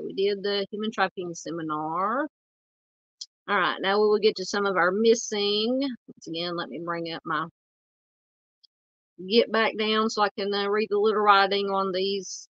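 Southern female host, chatty, halting delivery, dry and slightly muffled sound. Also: mid-range voice, fairly even intonation, fairly bright tone, no room sound. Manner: chatty, many fillers and restarts. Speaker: true crime channel host. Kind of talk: casual update on missing persons.

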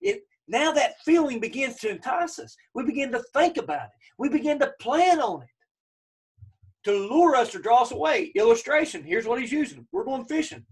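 A man's voice: very high-pitched, sing-song, normal speed, far from the mic. A man teaching a church Bible study lesson, emphatic, repeating key phrases and checking in with his listeners.

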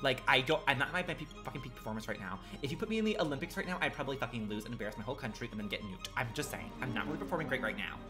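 A man's voice: medium pitch, lively intonation, racing, few pauses, music in the background. A man livestreaming a game, rambling and swearing freely with many filler words. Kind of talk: casual gaming livestream chat.

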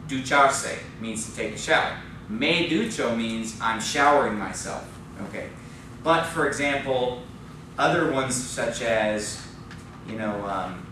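Picked up from a distance in a very echoey church classroom, this medium-pitched male voice comes through over a noisy background. He is teaching Spanish, patiently explaining things, posing questions to the class, and often tacking on "okay?".

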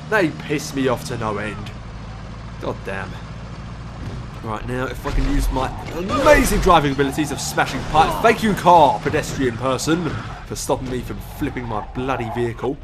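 Tired gamer rambling over music. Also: male voice, mid-range voice, expressive, normal speed. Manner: rambling, swearing, self-mocking. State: tired, sleep deprived. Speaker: let's play gamer. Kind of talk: gameplay commentary. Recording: clear background music.

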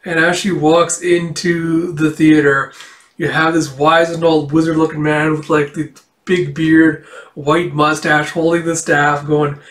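A man's voice: a little high, little pitch movement, a little slow, a bit bright. A man casually retelling a comic book, chatty and loose, with swears and asides. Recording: roomy echo, distant from the mic.

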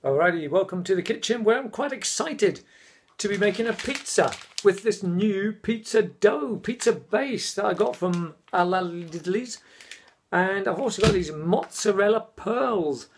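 A middle-aged man vlogs casually into a camera microphone, cheerfully joking with viewers and calling them mates. His voice sits high and sounds animated, his pace is measured, and there's a little hiss or hum in the recording.

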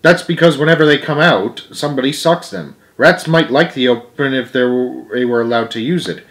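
An earnest little mouse playing teacher, as a man reads him aloud, lifted and eager, leaning hard on every word as he lays down rules. A middle-pitched voice from a children's storybook reading. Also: brisk, natural voice. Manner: lively, emphatic, higher and louder than his narration. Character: small earnest mouse schoolteacher, solemn and fair-minded.

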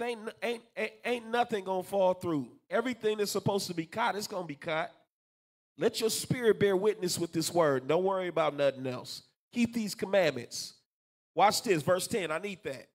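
A man preaching a scripture class, animated and colloquial, repeating words for emphasis. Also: sits high, normal speed. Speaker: teacher of a congregation class.

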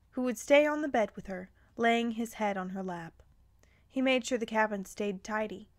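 Woman reading a story aloud, gentle, soft-spoken, mid-pitched voice. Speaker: fan fiction reader.

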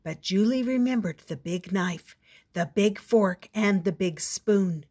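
An older woman reads a children's picture book aloud in an expressive, playful storytelling voice. Her pitch sits in a middle range for a woman. She takes her time as she tells the story. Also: a little slow, husky.

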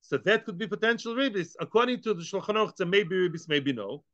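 Animated man teaching a Talmud class. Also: sits high, fast talker, no room sound, muffled recording. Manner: animated, rhetorical questions, acts out both sides.

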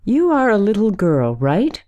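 Storybook: woman as a patient mother, gentle, calm, unhurried. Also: mid-range voice, voice pushed up. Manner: calm and reasoning. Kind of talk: storybook reading.

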